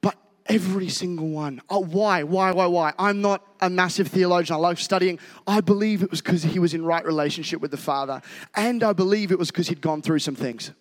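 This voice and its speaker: Male pastor, high voice, energetic casual sermon, reverberant church hall. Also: a little fast. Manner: energetic, climbing to shouts when fired up.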